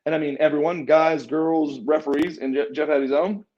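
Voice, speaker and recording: A man telling a backstage story in a casual interview, acting out other people's lines as he goes. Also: moderate pace. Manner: animated, acts out quotes with raised pitch. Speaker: interview guest, former wrestler. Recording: muffled lo-fi audio.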